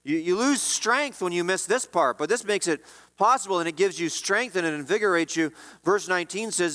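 A man preaching a sermon as pastor, emphatic, his voice swinging between loud rises and quiet drops. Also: a little fast, big-room sound. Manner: emphatic preaching, rising and dropping in pitch and volume.

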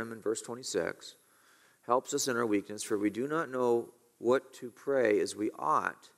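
Male pastor, sermon delivery, earnest, pitched a bit high. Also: a bit bright. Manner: earnest, rising on questions, slowing to stress key words.

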